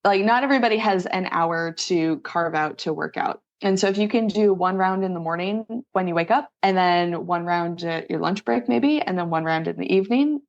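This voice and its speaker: A woman's voice: fairly low pitch, normal speed, hardly any pauses, lo-fi sound. A woman strength coach explaining exercises step by step in a casual, upbeat interview. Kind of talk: conversational interview.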